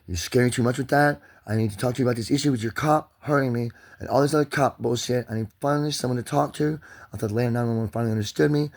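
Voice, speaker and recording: A man's voice: on the low side, darkish tone, breathy edge. A man venting angrily in a rambling, profane monologue to his channel. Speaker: vlogger.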